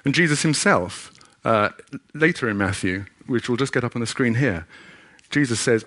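A man's voice: mid-range voice, expressive, normal speed, a bit bright. A middle-aged man giving a sermon with a personal story, earnest and conversational, often restarting his sentences. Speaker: preacher.

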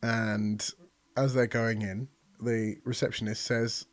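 A man's voice: lowish voice, level tone, slow pace, no echo. A man on a comedy podcast, improvising a rambling joke and often giggling.

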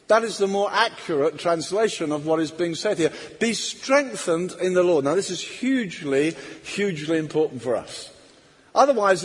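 A man's voice: fairly high pitch, slightly rough. A man preaching a sermon emphatically, acting out quoted voices. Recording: long hall reverb.

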